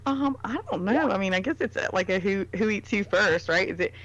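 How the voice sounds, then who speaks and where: A woman's voice: medium pitch, animated, a little fast, a bit bright, muffled recording. Chatty woman telling stories. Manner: chatty storytelling with lots of fillers. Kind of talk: casual chat.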